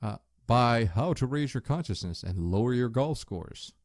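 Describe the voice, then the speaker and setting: A man casually commenting as he plays an old adventure game, relaxed and chatty, with jokey asides. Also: medium pitch, normal speed, no room sound, clean studio sound. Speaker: let's play host.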